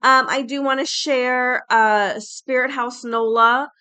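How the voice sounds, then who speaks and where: A woman's voice: high-pitched, fairly even intonation, slow pace, bright, forceful tone, smooth. A woman hosting a podcast, talking casually and reading aloud with filler words like uh and um. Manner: chatty, reads aloud with fillers. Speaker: podcast host.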